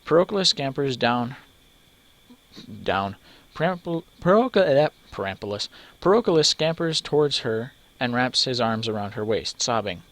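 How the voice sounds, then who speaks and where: Brief: a mid-pitched man narrating a text game aloud, with casual joking asides. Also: lively intonation, a little slow, fairly bright tone. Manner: reads steadily, stumbles over names, breaks off for joking asides. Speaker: let's player.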